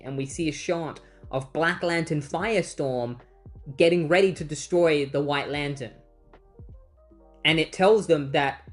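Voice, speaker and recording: A chatty comic book reviewer walks through a story arc in a relaxed, conversational way, adding quick personal asides. Faint music plays underneath the voice. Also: mid-range voice. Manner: chatty, summarizes plot with asides. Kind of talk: casual retrospective narration.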